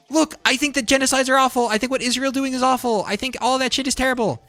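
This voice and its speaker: A man's voice: very high-pitched, steady tone, fast talker, hardly any pauses, pushed and bright, faint music behind. A man livestreaming, ranting about politics in a profane, heated, rambling way. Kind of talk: casual political rant while gaming.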